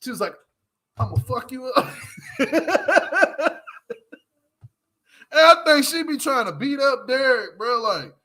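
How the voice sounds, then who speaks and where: A man's voice: extremely high pitch, expressive, slow, pauses often, bright, forceful tone. A man hosting a casual livestream, reviewing a reality show, laughing often as he retells scenes with lots of slang.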